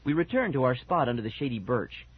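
A man narrating a children's storybook with a lively, expressive reading. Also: medium pitch, quick pace, slightly rough. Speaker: audiobook narrator. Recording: dull lo-fi recording.

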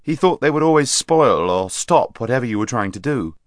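A man narrating a storybook in an expressive reading voice. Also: mid-range voice, normal speed, dry recording, studio quality. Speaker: audiobook narrator.

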